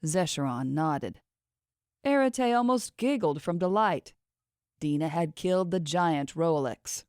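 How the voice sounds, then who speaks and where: A woman narrating a fantasy audiobook in a measured, expressive reading. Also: on the low side, smooth, no room sound, studio quality. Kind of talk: scripted fiction narration.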